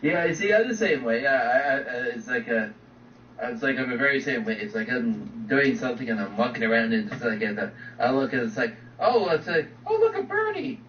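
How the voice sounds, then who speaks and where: A man's voice: mid-range voice, brisk. Rambly co-host guy who keeps restarting his lines, echoey room, sounds far off with faint hiss. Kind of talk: casual podcast chat. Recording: roomy, distant, dull lo-fi with faint noise.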